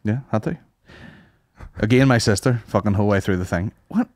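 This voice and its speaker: A man co-hosting a podcast, telling a story with lots of swearing and high-pitched mimicry. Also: fairly quick, no room sound, studio quality. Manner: animated storyteller, swears a lot, mimics people in high voices. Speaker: podcast co-host. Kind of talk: casual chat.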